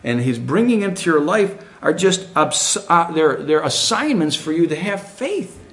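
Middle-aged preacher guy, super animated, voice swings all over, keeps asking the crowd stuff. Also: on the high side, a little slow. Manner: animated, rhetorical questions to the congregation. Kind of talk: sermon.

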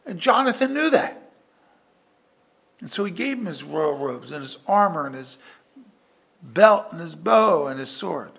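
A man preaching a verse-by-verse sermon with an animated delivery that swings from loud emphasis to hushed asides. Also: on the high side, unhurried, creaky, pauses often. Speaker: pastor.

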